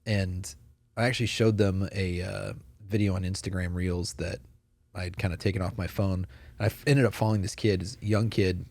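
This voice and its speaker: A man's voice: deep voice, steady tone, moderate pace, a little mellow, no echo. A man in casual conversation on a church podcast, talking earnestly and telling stories with many fillers.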